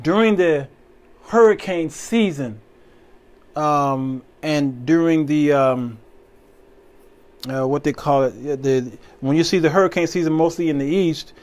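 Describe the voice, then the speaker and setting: A man's voice: on the high side, a little slow, long pauses, a little mellow. A man hosting his own show, giving informal, folksy, preacher-style commentary and laughing between points. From American Midwest. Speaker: show host.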